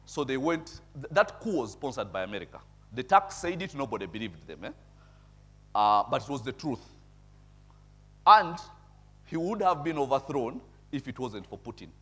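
A male preacher who moves between reading scripture and chatting through what it means. He keeps asking his listeners "eh?" and laughs softly at his own asides. Now and then his voice jumps up in loud, emphatic bursts. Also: mid-range voice, sing-song, moderate pace, slightly rough. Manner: conversational, tags remarks with "eh?"; chuckles at his own points. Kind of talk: sermon with bible reading and commentary.

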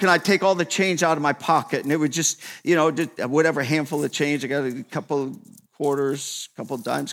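A man in his fifties preaching a sermon to a room, conversational and repetitive, swinging between quiet asides and emphatic, raised exhortation. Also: fairly high pitch. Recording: long reverb of a large hall.

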